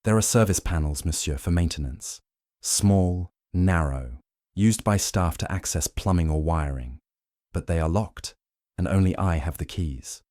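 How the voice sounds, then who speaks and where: Picture a man doing a frightened train conductor in an audiobook. He answers in a hesitant, anxious way, in a low voice set a little higher than his narration, recorded dry and close. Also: measured pace, darkish tone, no echo.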